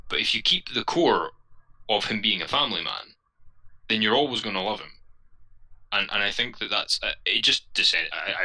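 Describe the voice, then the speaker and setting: Low-voiced man with a very bright tone. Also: gravelly, rough recording. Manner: rambling, swears casually, self-correcting restarts. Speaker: host of a geeky livestream panel show. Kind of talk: casual group discussion.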